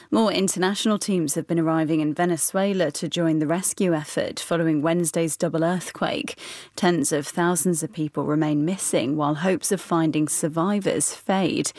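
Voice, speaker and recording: A woman newsreader delivering a scripted news bulletin in a measured, formal way. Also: low-pitched, darkish tone, dry recording, studio quality.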